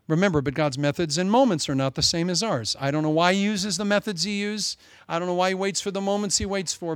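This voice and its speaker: Animated male preacher. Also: on the high side, no room sound. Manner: animated, dramatic storytelling. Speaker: pastor. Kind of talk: sermon.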